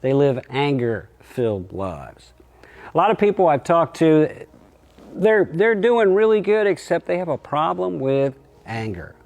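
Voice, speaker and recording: A middle-aged pastor giving a short, plainspoken sermon and acting out quoted voices. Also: male voice, big pitch swings, a little slow, gravelly, darkish tone. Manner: acts out quotes with raised pitch.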